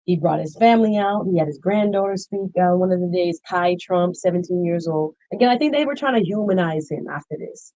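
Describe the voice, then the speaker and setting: A woman hosting a casual political reaction commentary, animated and exclaiming, acting out quoted reactions as she talks. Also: on the low side, fairly quick, hardly any pauses, no echo. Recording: slightly dull, lo-fi sound.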